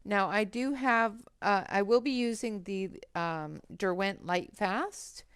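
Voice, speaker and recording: A woman's voice: medium pitch, takes it slowly, smooth, no room sound, studio quality. A woman hosting a colouring livestream on a headset mic, chatting casually and greeting viewers by name as she works.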